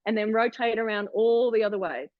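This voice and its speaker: Leading an online wellness workshop by video call, a woman in her forties talks a little fast in a voice on the high side. She's encouraging and chatty, restarting often. The audio is narrow and tinny, with no room sound.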